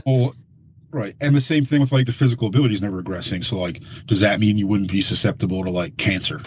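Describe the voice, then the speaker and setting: Husky low-voiced male podcast host. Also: quick pace, darkish tone. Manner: opinionated, swears when frustrated. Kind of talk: casual chat.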